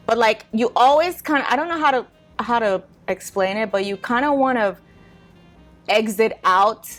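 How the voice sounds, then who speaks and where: A young woman hosting a podcast, talking casually and wryly, with lots of "like" and small laughs. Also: mid-range voice. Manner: chatty, wry, with frequent "like" and laughs. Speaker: podcast host. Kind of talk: casual advice monologue.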